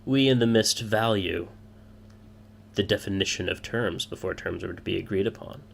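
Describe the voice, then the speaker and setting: A man's voice: on the low side, moderate pace, creaky, a bit bright, full character voice. A man voicing a pompous, boisterous male thieves' guild boss in a tabletop game, speaking in a formal, grand manner. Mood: stern.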